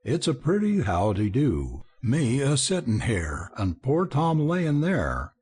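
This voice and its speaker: A man's voice: mid-range voice, huge pitch swings, slow pace, a little mellow, slightly rough, full character voice. A man voicing a frantic young frontier wife who talks in folksy slang with a drawl.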